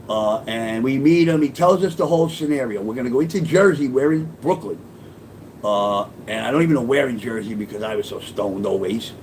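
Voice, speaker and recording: A man's voice: medium pitch, a little hiss or hum. A man telling a personal story in a casual, profane, punchy street-talk way. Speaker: storyteller and author.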